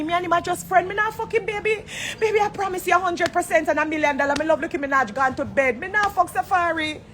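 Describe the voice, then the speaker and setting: Jamaican woman, high-pitched, confrontational, swears freely, live from an airport on her phone. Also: fairly bright tone, a little hiss or hum. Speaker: entertainer on a social media live. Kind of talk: heated live-stream rant. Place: airport corner, indoors.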